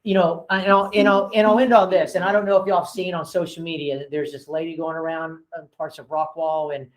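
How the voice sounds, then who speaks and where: A male real estate broker and owner trains his agents informally, speaking at a quick pace in a fairly high, level voice on a rough recording. He shares frank stories from work, acts out phone calls with different voices, and keeps up a chatty flow with many fillers.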